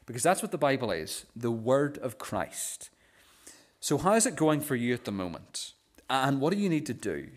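A male pastor preaching a sermon, often stammering on first sounds and dropping softer on key phrases. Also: mid-range voice, very animated, normal speed.

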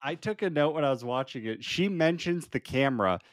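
Male podcast co-host, mid-pitched, easygoing, laughs a lot, dry close sound. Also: expressive, a little fast, dry recording. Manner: laughs often, easygoing recap. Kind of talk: casual chat.

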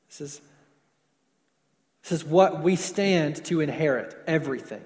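A man preaching a sermon, stretching words for emphasis and dropping to softer closing lines. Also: fairly high pitch, long reverb tail. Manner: preaching with slowed emphasis and falling soft endings. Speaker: pastor.

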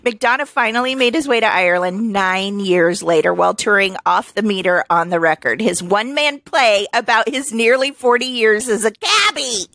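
A woman's voice: medium pitch, normal speed, hardly any pauses, dry recording, studio quality. A young woman co-hosting a podcast, reading out news stories and chatting with many laughs. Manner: giggly and animated, laughs often. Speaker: podcast co-host. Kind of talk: casual chat, reading news stories aloud.

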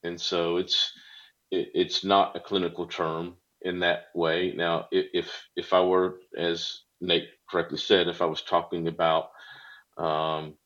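A man's voice: sits low, flat delivery, a little slow, fairly bright tone, muffled recording. A man on a podcast, explaining things in an earnest, careful way during casual chat.

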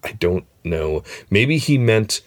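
Deep-voiced man in casual chat. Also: sing-song, slow. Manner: chatty, laughs often, trails into fillers. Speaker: podcast host.

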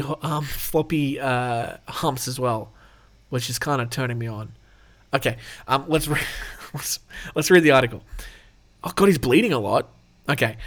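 A man's voice: on the high side, a bit bright. A man hosting his own show, reading out animal news stories with casual, irreverent jokes. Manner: irreverent, jokey, laughs often. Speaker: show host.

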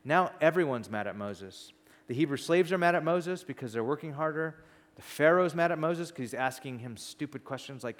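A man preaching a sermon in a conversational, animated storytelling manner. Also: on the high side, normal speed. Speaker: pastor. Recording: long reverb in a hall.

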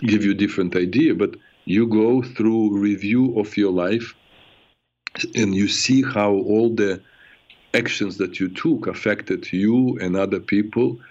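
A man hosting a call-in advice show, speaking earnestly and reflectively with frequent halting restarts. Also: lowish voice, a little mellow. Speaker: radio show host and therapist. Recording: muffled radio broadcast sound.

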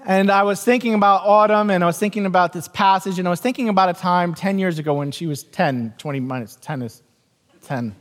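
An earnest male pastor in his forties preaches in a church, repeating his key phrases and telling stories. His voice sits high for a man. A long reverb from the hall trails behind him. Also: a little fast, fairly bright tone. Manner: repetitive, earnest, storytelling. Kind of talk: sermon.

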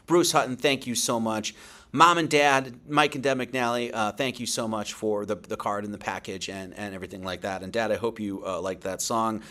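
A man with a somewhat low voice closes out an online religious service. He talks casually and rambles, reading off thank-yous and announcements in a loose, chatty way. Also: fairly even intonation, moderate pace, pushed and bright.

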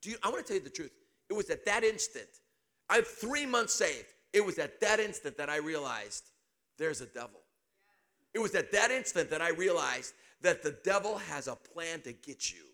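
Raspy, bright-voiced animated male preacher. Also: fairly high pitch, moderate pace. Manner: animated storytelling with sudden shouts. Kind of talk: sermon.

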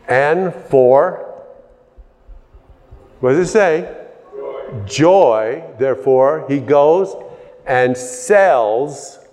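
Male preacher, slow delivery, conversational sermon rising to emphatic peaks, big reverberant hall. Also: mid-range voice, a little mellow. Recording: long reverb of a large hall.

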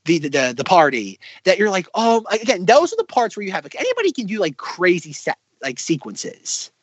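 A man co-hosting a casual film podcast, talking excitedly with lots of fillers and restarts. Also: sits high, a little fast, slightly rough, dry recording. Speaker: podcast co-host.

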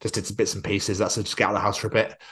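A man, co-hosting a podcast in casual chat, excitable and sweary, acting out quotes. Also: on the low side, very fast. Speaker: podcast co-host.

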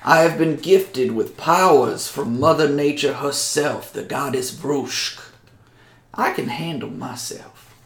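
A man doing a slow grandfatherly old druid. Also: fairly high pitch, vocal fry, echoey room. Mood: earnest. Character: old male nature druid, gentle and proud.

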